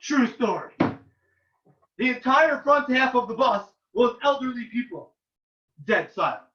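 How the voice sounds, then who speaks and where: A man, a rabbi, giving an informal talk to yeshiva students and telling animated stories in which he loudly acts out the quoted lines. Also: very high-pitched, takes it slowly. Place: room at a yeshiva. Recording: roomy, distant and dull.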